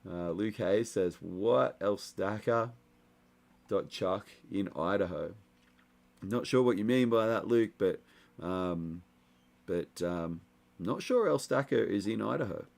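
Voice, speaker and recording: Low-voiced easygoing man reading chat. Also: slow pace, vocal fry. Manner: relaxed, rambling, many fillers. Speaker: livestream host reading chat. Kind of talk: casual live chat.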